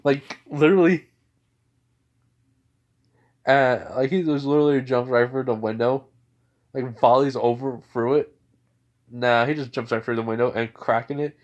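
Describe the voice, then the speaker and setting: A man's voice: mid-range voice, normal speed, pauses often, dull audio. A man narrating an improvised fan story in a rambling way, full of fillers and restarts.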